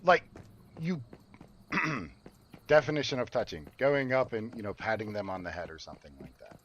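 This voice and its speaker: Gamer dad, low voice with a lively swinging pitch, cusses bluntly, game noise and gunfire behind. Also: male voice, normal speed. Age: adult parent. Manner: profane, blunt and emphatic. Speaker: streamer. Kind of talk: casual chat while gaming. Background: game ambience and gunfire.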